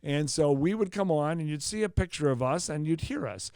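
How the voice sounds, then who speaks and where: Older male podcast host, animated storyteller, slightly high, dry sound. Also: fairly quick, smooth, dry recording. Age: 60s. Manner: animated anecdote-telling, often tags lines with "okay?". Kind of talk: casual storytelling chat.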